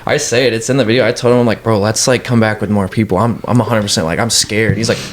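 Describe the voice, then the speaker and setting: A man's voice: fairly low pitch, background noise. A man casually telling a story as a guest, swearing and acting out what people said. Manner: fast, animated, swearing, acts out quotes. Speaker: guest urban explorer.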